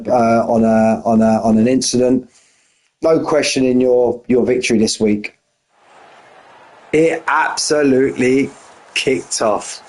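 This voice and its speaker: A man commentating a sim racing league race, excitable and out of breath, firing off shout-outs. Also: mid-range voice, slight background noise, poor audio. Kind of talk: live esports race commentary.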